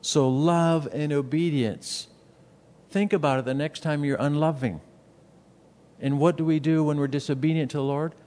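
Brief: male pastor giving a sermon, earnest and emphatic, slightly raised pitch, rhetorical questions. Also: fairly even intonation, normal speed, darkish tone, in a large hall. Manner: repeats words when stressing a point.

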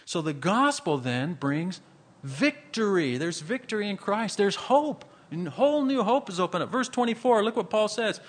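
Animated preaching man, higher-pitched voice. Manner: animated preaching, swinging from loud emphasis to slow quiet phrases; conversational asides with fillers. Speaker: pastor. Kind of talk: sermon.

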